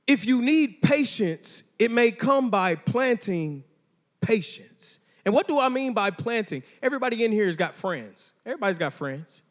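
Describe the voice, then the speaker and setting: Youth pastor, young man, high voice, loose and joking, speaks right to the teens. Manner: casual, playful, talks straight to teens. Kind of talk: youth sermon.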